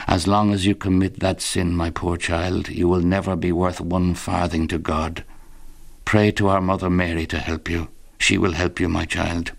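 Weary old confessor voiced by a male reader, very low, grave, slow, lilt. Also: gravelly. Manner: slow, grave, gentle pleading.

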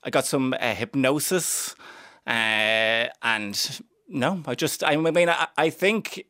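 A man's voice: medium pitch, slow pace, bright, forceful tone, no echo. A young Irish man from Cavan with a stammer, talking in a radio interview with dry, self-mocking humour. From Ireland (Cavan). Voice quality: stammer with repeated sounds. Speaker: stand-up comedian, guest.

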